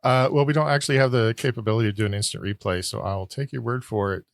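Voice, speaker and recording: A man's voice: mid-range voice, steady tone, rapid-fire, no room sound. A man hosting a casual podcast trivia game, reading out questions and scores and teasing players in a dry, wry way. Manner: dry, wry, explains things loosely with fillers. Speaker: quizmaster host.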